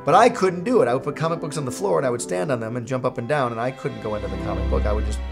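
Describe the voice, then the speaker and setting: A man's voice: mid-range voice, rapid-fire, vocal fry, over music. A middle-aged man, a cartoon creator, telling a comic story in a playful, jokey way.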